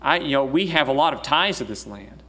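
A man's voice: medium pitch, expressive, brisk, bright, forceful tone. A man from Arkansas in the US South preaching a sermon, conversational and emphatic as he reads scripture. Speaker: pastor.

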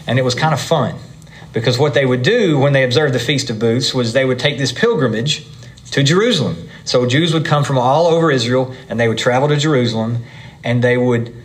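A man preaching to a congregation, explaining scripture in a conversational way with frequent asides. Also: mid-range voice. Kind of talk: Bible teaching to a congregation.

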